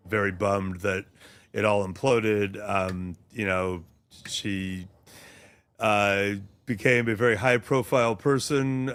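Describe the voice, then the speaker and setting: A man who is a sports journalist, a guest on a talk show, speaking thoughtfully with frequent pauses and fillers. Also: deep voice, a bit bright, smooth. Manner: thoughtful, many ums and restarts.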